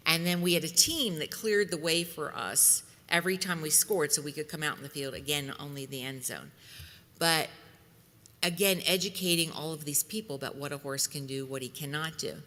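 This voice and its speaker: A middle-aged woman speaking as a guest at a convention, telling lively anecdotes to an audience and laughing along. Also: low voice, moderate pace. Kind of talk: storytelling speech to an audience. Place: convention hall. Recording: long reverb in a large hall.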